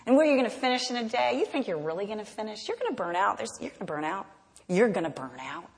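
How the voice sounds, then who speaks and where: A woman's voice: mid-range voice, wildly swooping pitch, very fast, creaky, fairly bright tone, in a large hall, full character voice. A woman voicing sneering male enemies who mock a group of builders with scornful taunts. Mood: taunting.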